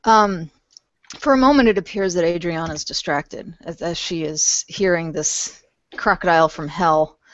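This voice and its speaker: A woman narrating her character's actions in a tabletop role-playing game, calm and measured. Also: fairly low pitch, no echo, muffled recording. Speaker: player.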